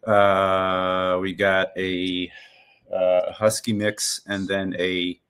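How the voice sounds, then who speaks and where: A man's voice: low voice, completely flat delivery, very slow, fairly bright tone, smooth. A man in his forties co-hosting a casual video-call chat, rambling and restarting his sentences. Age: 40s. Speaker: podcast co-host.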